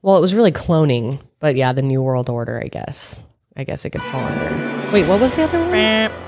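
A woman's voice: low voice, big pitch swings, a little fast, music in the background. A woman co-hosting a casual podcast quiz, blunt and joking as she reads questions and argues answers. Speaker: podcast co-host. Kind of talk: casual quiz game chat.

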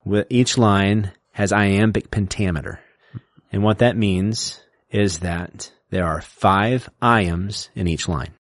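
A man co-hosting a podcast, explaining poetic meter in a lecturing way and reciting lines slowly to show the stresses. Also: lowish voice, no echo, clean studio sound. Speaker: podcast co-host explaining poetry. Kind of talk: casual explanatory chat.

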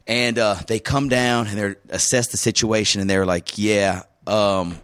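A middle-aged man, a podcast host, telling a story in casual chat, animated, often laughing and acting out what people said. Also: fairly low pitch, unhurried, clean tone, no room sound, studio quality.

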